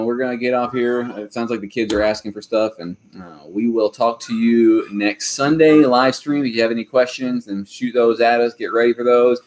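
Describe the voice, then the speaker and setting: A man's voice: on the low side, slight background noise. A man hosting a homesteading live stream, chatting casually and rambling with lots of hesitant fillers. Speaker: homesteading channel host.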